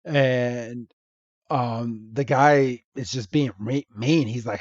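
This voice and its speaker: A man's voice: mid-range voice, fairly even intonation, slow pace, dry recording. A man co-hosting a podcast, recapping a cartoon episode in a chatty way and laughing often. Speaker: podcast co-host. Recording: dry, dull lo-fi podcast audio.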